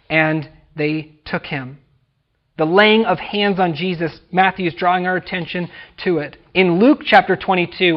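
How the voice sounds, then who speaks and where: A man with a high voice preaches a sermon, pressing hard on key words and falling away to near-hush at phrase ends. The recording sounds muffled and lo-fi, as from a church. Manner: emphatic preaching, rising and dropping to near-whisper. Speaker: pastor.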